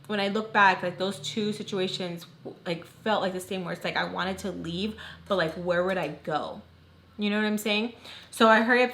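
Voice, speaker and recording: A woman's voice: mid-range voice, a bit bright. Chatty young woman telling a story. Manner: chatty, filler-heavy with constant "like"; acts out quoted dialogue. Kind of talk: casual storytime vlog.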